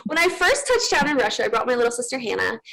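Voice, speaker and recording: A woman in her thirties speaks as a guest, telling her own story. She is candid and earnest, with a gravelly rasp at the bottom of her voice, and her sentences often stop and restart. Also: fairly high pitch, very animated, quick pace, fairly bright tone, rough recording. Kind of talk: personal story in an interview.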